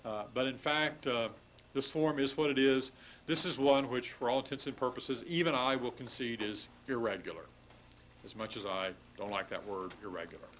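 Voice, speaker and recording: A man's voice: mid-range voice, fairly bright tone, a little hiss or hum, poor audio. Man lecturing patiently on grammar. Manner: patient, explanatory, wry apologies for irregular forms; drawn-out sounding of word forms. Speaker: language instructor. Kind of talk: recorded classroom lecture.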